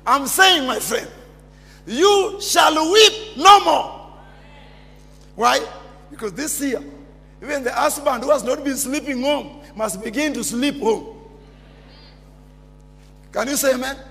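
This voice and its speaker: High-voiced pastor preaching. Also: male voice, a little slow, creaky, pauses often. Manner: preaching with call-and-response, often shouting. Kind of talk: sermon. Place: church hall. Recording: reverberant church hall.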